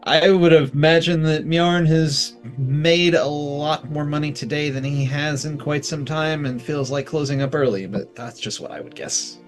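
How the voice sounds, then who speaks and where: A man narrating a tabletop fantasy game as game master, measured and explanatory. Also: a little high, fairly even intonation, soft background music. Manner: measured, explains rolls and outcomes.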